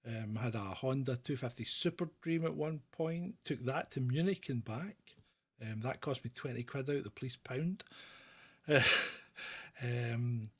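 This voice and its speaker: A man's voice: mid-range voice, lively intonation, measured pace, a little mellow, husky. A middle-aged man from Britain hosting a live question-and-answer chat, blunt and opinionated, rambling with restarts as he answers viewers.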